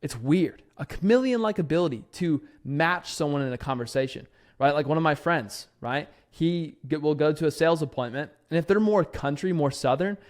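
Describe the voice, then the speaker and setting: A man's voice: a little high, animated, normal speed. A man casually giving copywriting advice to camera, chatty and loose, tagging his points with "right?" and dropping the odd curse word. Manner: chatty, keeps adding "right?", swears casually. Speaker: copywriting creator giving tips. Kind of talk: casual talking-head advice video. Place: lives in Tennessee.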